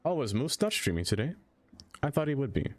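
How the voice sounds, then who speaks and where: A man streaming a game, chatting casually, talking to what he builds and answering chat, quick to exclaim in dismay when things go wrong. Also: medium pitch, big pitch swings, a little mellow. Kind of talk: casual live-stream chatter while playing.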